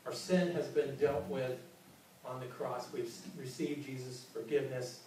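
A man's voice: mid-range voice, level tone, normal speed, darkish tone, slight background noise. A man preaching a sermon as pastor, earnest and often repeating his words. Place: large church hall. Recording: very echoey hall, mic from far.

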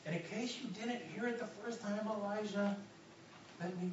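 A male pastor preaching a sermon, moving between loud urgent passages and soft hushed ones. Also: high voice, fairly even intonation, normal speed, recorded from a distance, background noise. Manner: dynamic preaching, drops to a soft hush for God's voice. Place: church hall. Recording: echoey, muffled hall recording from afar.

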